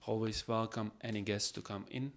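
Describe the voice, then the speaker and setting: A man's voice: on the low side, flat delivery, moderate pace, slight background noise. A man hosting a casual solo podcast, rambling in non-native English phrasing. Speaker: podcast host.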